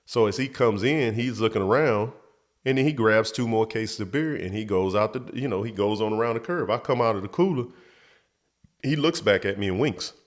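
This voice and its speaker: Lively low-voiced man telling a story. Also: fairly quick. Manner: animated, jumps up high when quoting others. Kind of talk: casual storytelling.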